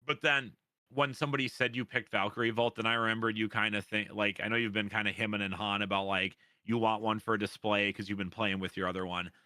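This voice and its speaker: A man's voice: fairly low pitch, little pitch movement, quick pace, bright, forceful tone, no room sound. A man from Minnesota hosting a podcast, asking questions in a chatty way with lots of fillers. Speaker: podcast host. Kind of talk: casual chat, interviewing.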